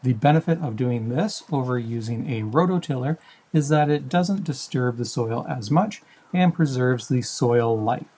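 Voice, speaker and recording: A man hosting a backyard farming channel, reading a scripted voice-over in a measured, explanatory tone. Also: mid-range voice, dark tone, slightly rough, rough recording. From Canada.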